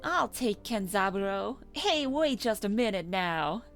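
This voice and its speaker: A woman voicing a brash young male bird who is a cafe regular, with a put-on American Southern drawl, speaking slowly and loudly while reading a visual novel aloud. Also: medium pitch, animated, soft background music. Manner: slow, loud drawl.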